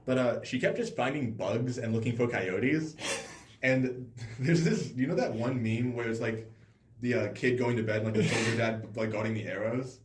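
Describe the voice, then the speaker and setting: A man's voice: mid-range voice, moderate pace. A young man hosting a casual podcast chat, telling stories in a loose, filler-heavy way. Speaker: podcast host. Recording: roomy echo.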